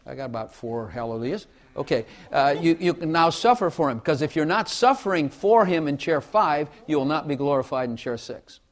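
Folksy preacher man, slightly high voice. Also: lively intonation, brisk, hardly any pauses. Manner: folksy, repeats phrases, asks the congregation for amens. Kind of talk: sermon.

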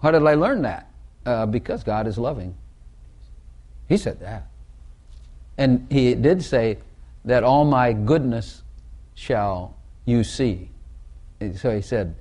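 A man's voice: medium pitch, lively intonation, slow, pauses often, darkish tone. A man preaching an informal sermon, talking conversationally, repeating phrases and putting questions to his listeners.

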